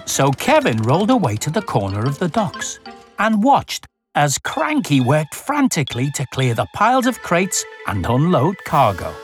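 A woman reading a children's storybook aloud in an expressive, animated way. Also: sits low, normal speed, soft background music.

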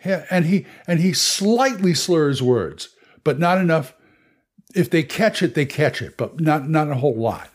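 A man's voice: a little high, animated, a little slow. A man hosting a podcast, telling game stories in a casual, rambling monologue. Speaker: podcast host. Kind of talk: casual monologue on tabletop games.

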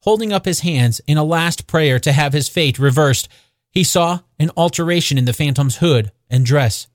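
A man narrating a classic novel as an audiobook, with expressive, measured storytelling. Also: a little high, dry recording, studio quality.

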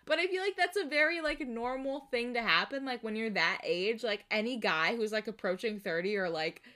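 A woman's voice: a little high, fairly quick, bright, forceful tone. A young woman co-hosting a casual podcast chat, giggly and crude as she retells scenes with lots of animation. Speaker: podcast co-host.

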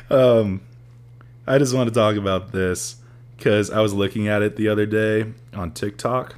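A man's voice: on the low side, steady tone, a little slow, pauses often. Young man joking crudely, laughing a lot. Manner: laughs often, mocks with exaggerated put-on quotes. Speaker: podcast co-host. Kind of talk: casual crude chat.

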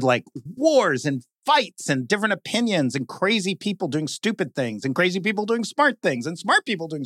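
A man in lively conversation, often saying "like" and mimicking stiff announcer voices. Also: a little high, dry recording, studio quality. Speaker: guest speaker, podcast creator. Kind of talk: animated conversational talk.

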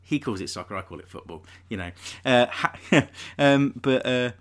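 A man's voice: medium pitch, animated, moderate pace. A man hosting a casual podcast, joking and laughing often as he talks. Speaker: podcast host. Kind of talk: casual chat.

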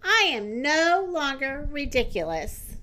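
An earnest, self-conscious female hippopotamus from a storybook, voiced by a woman reading aloud. She speaks slowly and plaintively, in a bright, high and lively voice. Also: heavily acted.

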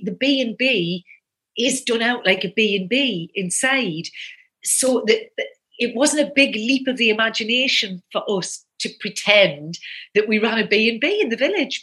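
A woman, chatting animatedly about her acting days and telling lively stories. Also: a little high. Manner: animated, lively storytelling with quoted outbursts. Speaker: actress and guest. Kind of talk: casual conversation.

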